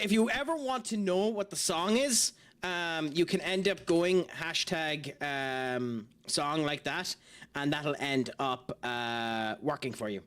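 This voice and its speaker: With a slightly high, fairly bright voice, a young man offers casual live-stream commentary while playing a game. He's chatty, self-mocking, and drops in plenty of fillers.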